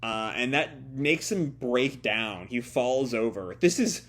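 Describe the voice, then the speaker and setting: Brief: male reviewer, mid-pitch, halting casual commentary full of "uh" and "kind of.". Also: a bit bright. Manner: hesitant, many fillers and restarts. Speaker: manga reviewer. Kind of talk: casual live reading commentary.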